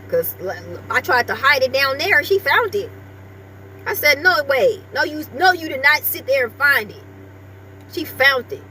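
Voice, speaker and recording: A woman's voice: sits high, bright, forceful tone, slight background noise. A woman vlogger chatting casually with her viewers and breaking off now and then to talk to her small dog.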